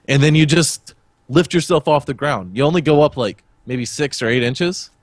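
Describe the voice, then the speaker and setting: A podcast co-host with a fairly high voice tells stories in casual chat at normal speed, swearing freely and acting out quotes as an animated storyteller. The sound is clean studio quality with no echo.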